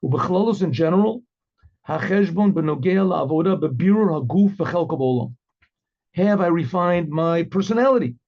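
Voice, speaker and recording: A man's voice: fairly high pitch, lively intonation, normal speed. A man, a rabbi, teaching an informal Torah class in a chatty way, playing both sides of an inner dialogue and reading Hebrew lines before translating them. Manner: repeats and restarts phrases, reads Hebrew then translates. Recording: dull lo-fi recording.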